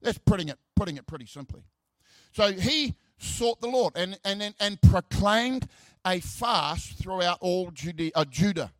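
A man's voice: high-pitched, lively intonation, a little slow, no room sound. A middle-aged man preaching a sermon, reading scripture aloud, often repeating words and dropping joking asides. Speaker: pastor.

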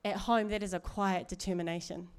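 A woman's voice: medium pitch, steady tone, fairly quick, darkish tone, clean tone. A middle-aged woman preaching in a chatty, earnest way, with asides and laughs. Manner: conversational, earnest, laughs often, many asides. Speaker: church speaker. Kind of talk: sermon.

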